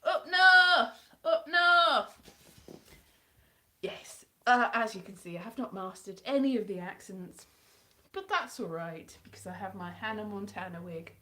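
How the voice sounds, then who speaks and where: A woman's voice: medium pitch, normal speed, fairly bright tone. A woman chatting casually and rambling on a home live stream, breaking into playful voices to mimic characters. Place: indoors at home.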